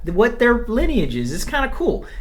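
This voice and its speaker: A man's voice: extremely high pitch, huge pitch swings. Joking young man co-hosting a podcast. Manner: joking, quick asides. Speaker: podcast co-host. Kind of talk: casual chat.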